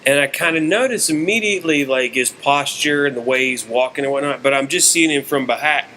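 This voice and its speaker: A man casually telling a comedy story on a podcast, animated, with his voice jumping up whenever he acts out his own excited shouting. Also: mid-range voice, a little fast, a little hiss or hum.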